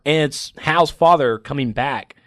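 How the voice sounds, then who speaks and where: A man on a comic book podcast, chatting excitedly and emotionally, acting out scenes from the stories. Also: fairly high pitch, measured pace, no room sound, studio quality. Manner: emotional, animated, acts out comic scenes in voices. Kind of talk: excited casual chat.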